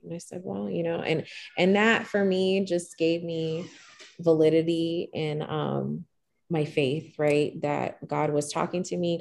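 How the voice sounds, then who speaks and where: Middle-aged woman guest, low and gravelly, calm even-keeled storyteller with lots of "um"s. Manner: calm, even-keeled, with frequent fillers and restarts. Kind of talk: personal storytelling in conversation.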